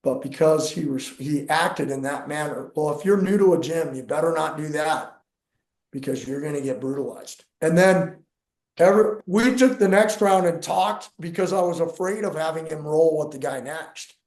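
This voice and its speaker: Echoey middle-aged coach telling a story. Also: male voice, on the high side, moderate pace. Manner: animated, acts out dialogue in his stories. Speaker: jiu-jitsu coach and podcast co-host. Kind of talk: casual storytelling.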